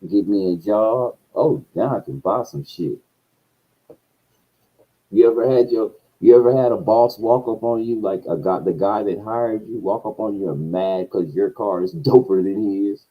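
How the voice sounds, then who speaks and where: A man telling a profane story in a casual rant, his voice swinging between low mutters and loud outbursts. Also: moderate pace, breathy edge, phone-quality sound. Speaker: streamer.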